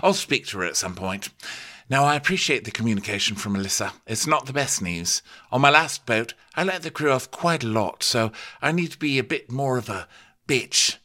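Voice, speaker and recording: A man's voice: medium pitch, lively intonation, moderate pace, bright, forceful tone. A man putting on the voice of an anxious male yacht chef who swings between boasting and panic. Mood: self-mocking.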